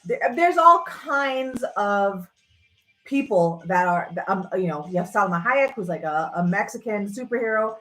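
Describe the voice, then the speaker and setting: A woman's voice: mid-range voice, lively intonation, measured pace, bright, forceful tone, soft background music, rough recording. A woman hosting a livestream, ranting casually and sarcastically, swearing freely. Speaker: livestream host. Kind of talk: casual rant.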